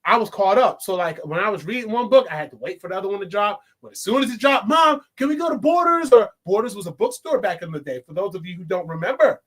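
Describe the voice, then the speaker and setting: A man's voice: high-pitched, animated, fast talker, hardly any pauses. A young adult man reviewing a movie in a casual, rambling monologue, full of joking asides and restarts.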